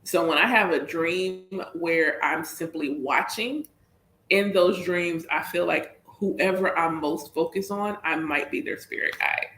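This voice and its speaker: A woman's voice: on the low side, unhurried, fairly bright tone, a little hiss or hum. A woman with a Southern US accent chatting casually as a spiritual reader on a livestream, talking in loose, repetitive circles and addressing listeners as y'all. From Southern United States. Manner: chatty, repeats herself, calls listeners y'all. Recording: roomy echo.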